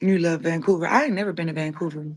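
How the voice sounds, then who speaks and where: A woman's voice: fairly low pitch, racing, darkish tone, breathy edge. A woman hosting a livestream, talking casually and bluntly as she answers her viewers' comments. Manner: blunt, opinionated, talks straight to chat. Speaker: livestream host.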